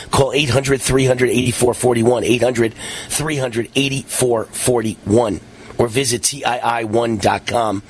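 A man hosting a talk radio show, reading an ad and speaking emphatically and indignantly, pushing up to near-shouts. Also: mid-range voice, husky. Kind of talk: talk radio host and ad read.

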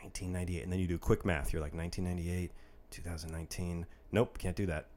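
Guy with a real low voice, co-hosting a podcast, dry jokes, teasing. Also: steady tone, fast talker, darkish tone. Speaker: podcast co-host. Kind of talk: casual chat.

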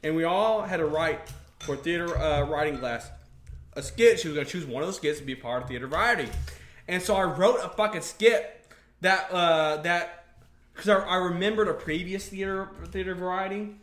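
A man's voice: high voice, moderate pace, fairly bright tone. A young man chatting casually on a podcast, telling stories in a profane, rambling way full of restarts. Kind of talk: casual chat. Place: studio under bright lights. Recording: roomy echo.

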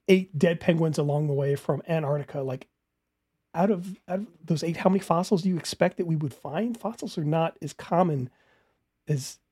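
A man's voice: a little high, warm tone, slightly rough, no room sound, studio quality. A man commenting casually on a video he is watching, interrupting it with incredulous, laughing rebuttals.

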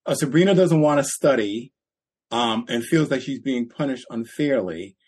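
A podcast co-host with a mid-range, slightly rough voice tells stories in casual chat at a moderate pace. He's animated, acting out quotes and laughing as he goes.

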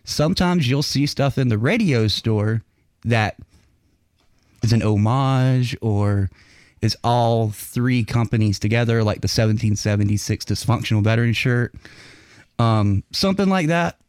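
In clean, echo-free studio sound, a man with a mid-range voice hosts a casual veterans' talk show podcast, speaking a little slowly. His storytelling is lively and profane, full of heavy swearing and frequent laughter.

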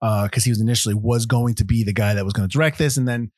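A man's voice: lowish voice, racing, no echo, studio quality. A man hosting a podcast in a casual film chat, telling stories with many restarts. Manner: rambling, animated storyteller with many restarts. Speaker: podcast host.

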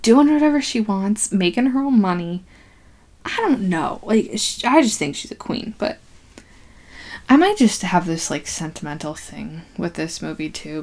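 Chatty giggling woman podcaster. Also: fairly low pitch. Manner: chatty, giggly, lots of "like", acts out lines. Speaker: podcast host. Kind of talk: casual movie recap.

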